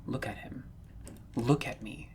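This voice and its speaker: A man voicing a wounded, furious young male soldier in a storybook reading, speaking in a strained, hoarse near-whisper. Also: lowish voice, lively intonation, unhurried, a bit bright, slight background noise.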